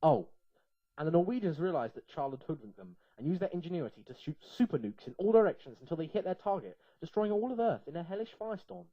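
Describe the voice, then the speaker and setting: Man, playful storyteller, bouncy pitch, dry and muffled. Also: sing-song, quick pace, dry recording. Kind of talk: reading an absurd comic story aloud.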